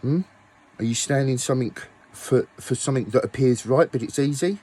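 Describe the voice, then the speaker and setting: A man's voice: mid-range voice, fairly quick, dark tone, slightly rough. A man ranting angrily at his viewers, swearing often and firing off rhetorical questions. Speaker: musician vlogger. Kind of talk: angry rant to camera.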